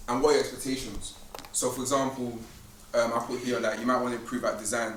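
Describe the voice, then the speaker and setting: A man's voice: medium pitch, level tone, fast, a bit bright. A young man giving a casual, slangy faith talk to students at a conference, telling stories with laughs. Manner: chatty, slangy, storytelling with laughs. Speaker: conference speaker. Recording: roomy hall, distant mic, background hum.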